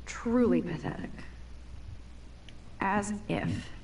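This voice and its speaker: A woman's voice: mid-range voice, slow pace, vocal fry, a little mellow. A woman voicing a wry, self-deprecating young female student in a video game, speaking in dry muttered asides. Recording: distant game audio, faint noise.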